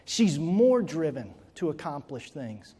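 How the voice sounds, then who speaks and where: A man's voice: a little high, very animated, slow pace, dark tone, husky. A man giving a motivational keynote to an audience in a large hall, telling a personal story and then building to emphatic exhortation. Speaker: motivational speaker. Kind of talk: keynote speech. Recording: reverberant hall.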